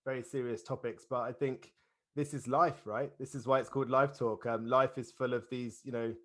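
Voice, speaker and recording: A middle-aged man hosts a casual podcast interview at a middle pitch. He talks in a halting way, repeating words as he goes and laughing often. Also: little pitch movement, fairly bright tone. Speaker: podcast host.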